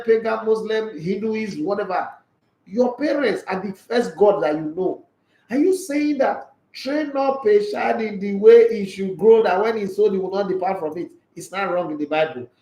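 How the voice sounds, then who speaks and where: Man, Nigerian English accent, casual sports talk host, animated, rhetorical questions, fairly high voice, roomy echo. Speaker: sports show host reading viewer comments. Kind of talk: casual live commentary chat.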